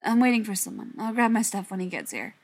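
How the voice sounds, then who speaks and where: A woman's voice: medium pitch, sing-song, fast talker. A woman voicing a jumpy young man on the run, talking in a tense, sarcastic way.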